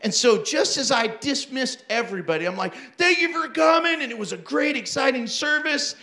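A man who is a pastor, telling funny church stories in an animated sermon, acting out the people he quotes and laughing often. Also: very high voice, brisk, reverberant. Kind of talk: storytelling sermon.

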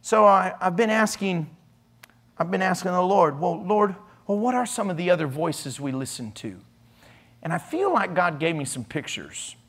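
A man preaching a casual, joking sermon in a church, with animated swings in pitch and loudness. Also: moderate pace. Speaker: pastor.

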